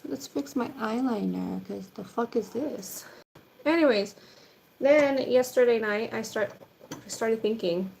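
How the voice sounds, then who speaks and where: A young woman with a fairly high voice chats bluntly while she does her makeup at home. She talks casually and drops swear words as she goes, streaming to her viewers. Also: unhurried, vocal fry, a little mellow, a little hiss or hum.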